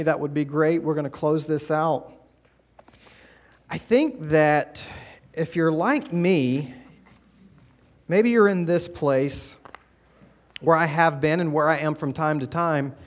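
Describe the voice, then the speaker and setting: A man's voice: on the high side, normal speed. A middle-aged man, a pastor preaching a conversational sermon in a church and checking in with the congregation as he goes. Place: church sanctuary.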